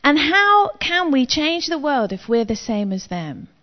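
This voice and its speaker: A woman's voice: high-pitched, sing-song, measured pace. Chatty woman preaching in a hall. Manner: chatty, self-deprecating, frank. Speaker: Christian speaker. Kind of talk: testimony-style preaching. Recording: long reverb, dull lo-fi sound.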